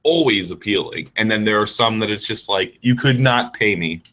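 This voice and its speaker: A man's voice: lowish voice, normal speed, a bit bright, rough recording. A man hosting a casual chat, candid and rambling. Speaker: host.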